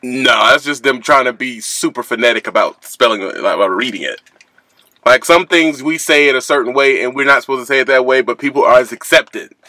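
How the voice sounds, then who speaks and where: A man's voice: medium pitch, fairly quick, pushed and bright, no room sound. Joking, slangy trucker man. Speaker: trucker vlogger. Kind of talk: casual chat. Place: truck or sandwich shop.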